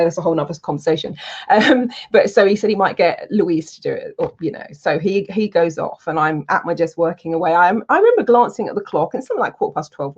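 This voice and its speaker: A woman, a public speaking coach, telling anecdotes in a casual, animated way and acting out her own lines. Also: fairly low pitch, breathy edge. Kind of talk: casual storytelling to camera. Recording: dull lo-fi sound.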